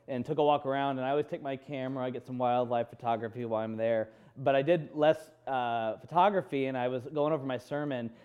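A man in his thirties delivers a sermon as a personal story, acting out his own thoughts in quotes. His voice is warm and smooth. The recording sounds a bit muffled. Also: medium pitch. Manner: candid storytelling with quoted inner dialogue. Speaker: pastor.

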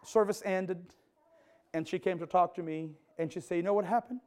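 Male preacher with a high voice, animated story-led sermon with frequent restarts. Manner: animated storyteller acting out dialogue; halting, restarts mid-sentence. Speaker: pastor.

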